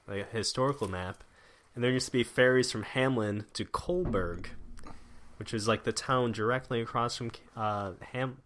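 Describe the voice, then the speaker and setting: A man's voice: mid-range voice, a bit bright. A young American man in casual chat, rambling with lots of fillers and restarts. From United States.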